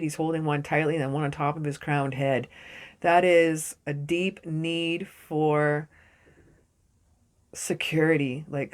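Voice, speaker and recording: An excitable young woman reads tarot cards in a loose, jokey way, swearing as she goes. Her voice sits a little low for a woman. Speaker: tarot reader. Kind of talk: casual tarot reading to camera.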